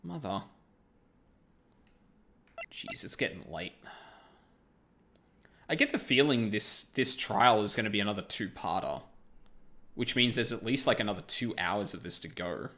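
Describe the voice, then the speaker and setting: A man's voice: fairly low pitch, expressive, normal speed, pauses often, bright, forceful tone. A man streaming a game and commenting casually, blunt and exasperated, with frequent swearing.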